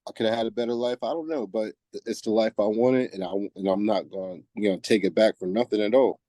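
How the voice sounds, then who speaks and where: A man's voice: lowish voice, fast, dark tone, no room sound. A man in his forties from New Jersey, a guest on a podcast, speaking in a laid-back, reflective way and often saying "you know what I mean". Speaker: guest softball player. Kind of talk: casual interview chat.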